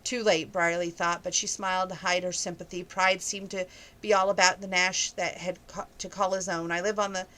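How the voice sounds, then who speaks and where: A woman reading a romance novel aloud at an even pace, now and then noting page numbers. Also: on the low side, moderate pace, rough recording. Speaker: book reviewer reading aloud.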